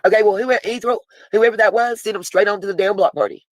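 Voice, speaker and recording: A woman's voice: medium pitch, steady tone, quick pace, dry recording, rough recording. Woman, live stream host; blunt, swears freely, reads messages aloud; dry close mic. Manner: chatty, talks back to viewers in chat.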